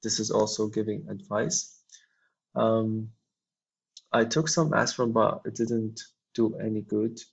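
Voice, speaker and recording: Male English teacher, gravelly voice, reads examples then explains slowly with fillers; muffled lo-fi sound. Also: lowish voice, steady tone. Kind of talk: explaining a textbook dialogue. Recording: dull lo-fi recording.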